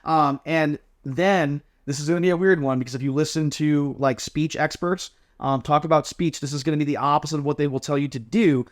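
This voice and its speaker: A man's voice: a little high, steady tone, a little fast, few pauses. A man, a drill team coach, casually explaining inspection answers step by step and acting out sample replies. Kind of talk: casual instructional chat.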